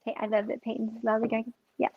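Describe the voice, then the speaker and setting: A woman's voice: on the high side, completely flat delivery, fast talker, narrow, tinny audio. A woman cookbook author in her thirties, chatting casually at a book launch, bubbly and laughing often as she teases herself.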